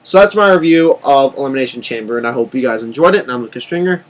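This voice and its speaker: A man giving a casual wrestling review who gets excitable and breaks into loud, swearing rants. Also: medium pitch, quick pace, poor audio.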